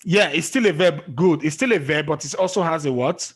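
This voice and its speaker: A man teaching a classroom lesson, explaining slowly and quizzing his students as he goes. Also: fairly high pitch, husky. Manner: slow, drawn-out explaining with questions to students. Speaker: English teacher.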